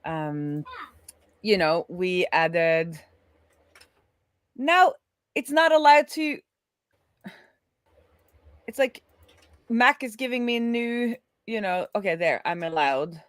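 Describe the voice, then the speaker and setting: A woman's voice: fairly low pitch, sing-song, takes it slowly, long pauses, dry recording. A woman co-hosting a live coding stream, talking casually and thinking aloud with frequent restarts. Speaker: co-host, web developer.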